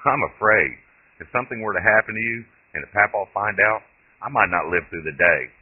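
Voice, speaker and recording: A man voicing a nervous young great-grandson, speaking in an anxious, pleading way with a husky voice. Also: lowish voice, very animated, a little fast, voice pushed up. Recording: tinny lo-fi phone-like audio.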